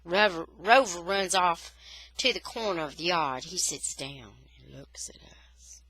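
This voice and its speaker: Expressive woman reading a novel aloud. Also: on the low side, a little slow, a little hiss or hum, poor audio. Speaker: storyteller reading a children's novel. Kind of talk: expressive read-aloud narration.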